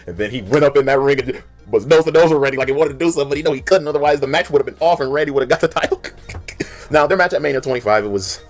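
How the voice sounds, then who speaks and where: A young man giving casual countdown commentary, recapping storylines in a rapid, animated way with plenty of slang. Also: mid-range voice, soft background music. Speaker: video creator.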